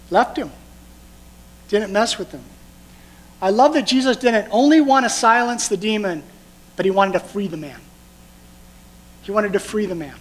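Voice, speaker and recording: A man's voice: high-pitched, low-quality recording. A male pastor preaching a sermon in a conversational, emphatic way, asking the congregation rhetorical questions.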